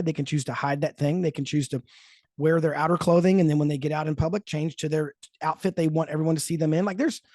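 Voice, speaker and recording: A man hosting a faith-based parenting talk show, telling stories in a thoughtful, animated way. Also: on the high side, no room sound, clean studio sound. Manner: thoughtful, storytelling, lively emphasis. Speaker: podcast host. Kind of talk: casual chat.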